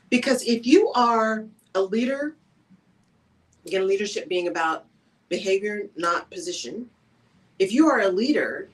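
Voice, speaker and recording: A woman hosting a live talk radio show, talking on her own in a conversational, animated way and often checking in with "right?". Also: mid-range voice, distant mic, rough recording. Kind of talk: solo talk radio monologue.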